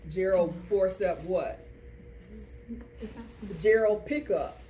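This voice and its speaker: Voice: mid-range voice, slow, dark tone. An instructor teaching a class, drilling terms through rhythmic repetition and call-and-response questions. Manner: quizzes students with call-and-response. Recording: distant classroom recording, faint noise.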